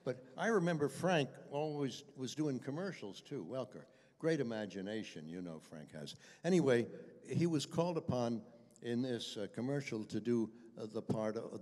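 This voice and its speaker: At a convention panel, this older voice actor guest shares anecdotes with fans in a chatty, self-deprecating way, chuckling as he goes. He has a medium-pitched, slightly mellow voice, animated at a normal speed, and the hall sounds echoey.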